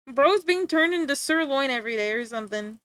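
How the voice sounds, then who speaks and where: A woman's voice: high-pitched, expressive, moderate pace, fairly bright tone, no echo. A young woman streaming live, rambling and joking in casual chat with frequent laughter.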